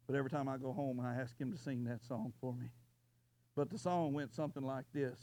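A man preaching a sermon, moving from quiet storytelling to loud, impassioned preaching. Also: medium pitch, steady tone, a little fast. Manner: builds from quiet storytelling to shouting. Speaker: pastor.

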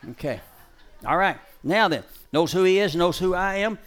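A middle-aged man with a somewhat high voice runs a dog-training show. He snaps out quick commands, trades quips with the crowd, and turns softly preachy in between. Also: clean tone. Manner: shouts dog commands in bursts, then drops to a soft, preachy tone; jokey crowd banter.

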